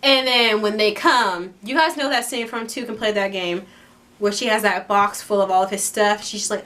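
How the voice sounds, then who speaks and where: A woman's voice: medium pitch, moderate pace, a bit bright, a little hiss or hum. A young woman chatting playfully to camera as a vlogger, acting out quoted lines as she goes. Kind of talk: casual chat to camera.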